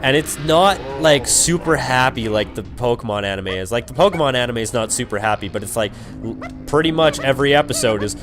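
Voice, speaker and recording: A young Canadian man, mid-pitched, talking loosely to his viewers as he plays, with "like" in nearly every phrase. He drifts from one thought to the next in a casual, unscripted way. Faint game music plays under his voice. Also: animated, fairly quick. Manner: rambling, heavy on "like" and swearing. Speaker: let's play commentator. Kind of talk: casual gameplay commentary.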